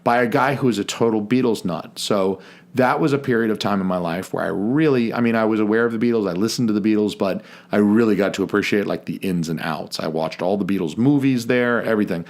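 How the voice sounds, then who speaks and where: A man's voice: lowish voice, fast, a little mellow. A man co-hosting a casual podcast chat, joking and swearing as he tells stories. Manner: chatty, profane, jokey storyteller. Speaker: podcast co-host.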